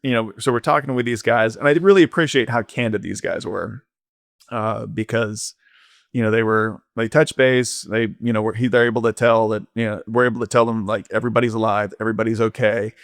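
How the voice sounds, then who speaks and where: A man's voice: on the low side, fairly even intonation, brisk, dry recording, studio quality. A man, a podcast guest, telling an ocean-rowing story candidly, rambling with lots of fillers. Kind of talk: casual storytelling interview.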